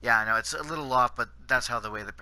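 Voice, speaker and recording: Canadian gaming host, rambling, fillers galore; sharp bright voice, dry mic. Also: male voice, medium pitch, racing, dry recording. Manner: rambling, many fillers and restarts. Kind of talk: gameplay commentary.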